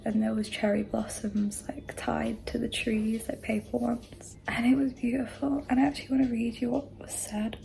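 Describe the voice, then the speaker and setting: A woman's voice: on the high side, creaky, dark tone, slight background noise, low-quality recording. A young woman chatting casually as a book vlogger, gushing and talkative with lots of "like". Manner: chatty and gushing, heavy use of "like". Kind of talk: casual vlog chat.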